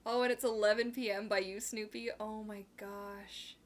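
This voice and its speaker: A young woman from Canada hosting a casual live chat, bubbly and rambling, reading viewer comments aloud and breaking into quick laughs. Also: medium pitch, level tone. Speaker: livestream host.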